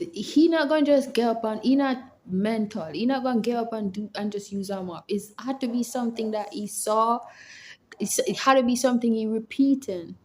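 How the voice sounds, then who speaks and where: A young Jamaican woman with a Jamaican accent talking casually to camera, giving relationship advice and acting out what people say. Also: mid-range voice. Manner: animated storytelling, acts out quoted lines.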